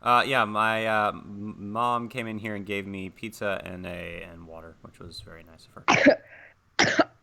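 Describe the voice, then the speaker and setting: A young man as game master, narrating a tabletop horror game over voice chat with relaxed fillers. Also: fairly low pitch, unhurried, gravelly.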